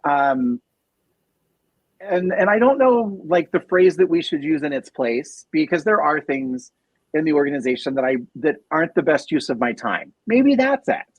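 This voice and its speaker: A man's voice: a little high, animated, moderate pace, no echo. A man speaking as a podcast guest in casual conversation, thoughtful, with many fillers and restarts, on a dull lo-fi recording. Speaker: podcast guest, nonprofit operations director.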